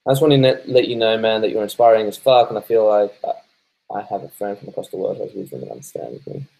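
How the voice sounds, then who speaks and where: A stoned Australian man hosting a casual live stream. His voice sits a little low, and his talk is loose and unhurried. He swears freely and laughs as he reads out viewer comments. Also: fairly even intonation, gravelly, a little mellow, low-quality recording. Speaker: live-stream host reading viewer chat.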